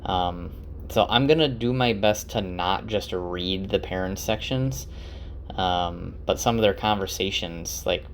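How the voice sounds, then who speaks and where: A man casually retelling a novel's chapters for his wife, chatty and relaxed, with lots of fillers and restarts. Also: low voice, a little hiss or hum. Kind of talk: casual spoken book recap.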